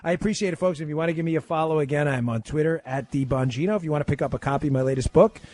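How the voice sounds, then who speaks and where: A man guest-hosting a talk radio show, taking calls and making his points with rapid-fire emphasis. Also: fairly high pitch, a little mellow, no room sound.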